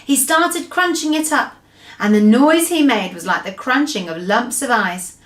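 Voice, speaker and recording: A woman teacher reading a children's story aloud to her class with expressive narration. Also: fairly high pitch, a little slow, reverberant.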